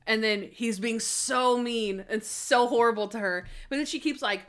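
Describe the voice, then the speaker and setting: A woman with a fairly high voice co-hosts a podcast in loose, casual chat. She retells scenes with a lot of animation and slips into quick acted-out quotes. She peppers her talk with "like" as she goes. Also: a bit bright. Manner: frequent "like" fillers. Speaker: podcast co-host.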